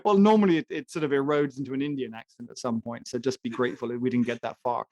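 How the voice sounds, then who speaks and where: A man's voice: medium pitch, fairly even intonation, fast, a little mellow, dry recording. Ranting man on a podcast, dry sound. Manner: ranting, emphatic, jokey. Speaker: podcast co-host. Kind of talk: opinionated casual chat.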